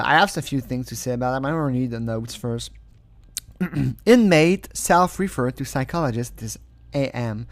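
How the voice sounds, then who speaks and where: A man's voice: mid-range voice, no echo. A man who is not a native English speaker, giving casual, sarcastic commentary, often breaking into mocking laughter.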